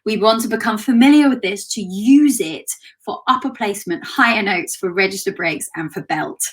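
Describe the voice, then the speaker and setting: A woman teaching an online singing lesson, giving quick, chatty explanations between sung demonstrations. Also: medium pitch, poor audio.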